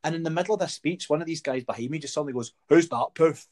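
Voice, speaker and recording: A Scottish man in casual conversation who tells lively anecdotes and acts out other people's voices along the way. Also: on the high side, racing. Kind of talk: casual chat.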